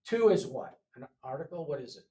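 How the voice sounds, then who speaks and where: A man's voice: medium pitch, lively intonation, a little fast, dark tone, recorded from a distance. A man teaching an English lesson. He repeats each word for learners and often checks in with "okay?". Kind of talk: classroom lesson walkthrough.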